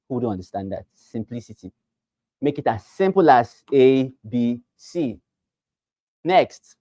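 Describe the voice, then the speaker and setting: A man teaching real estate agents, who talks fast and with emphasis and repeats phrases to drive them home. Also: medium pitch, a little mellow, no room sound. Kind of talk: teaching a class.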